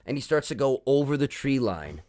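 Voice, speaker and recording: A man's voice: mid-range voice, big pitch swings, brisk, a little mellow. A young man co-hosting a podcast, telling a rambling story full of swearing and fillers in casual chat. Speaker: podcast co-host.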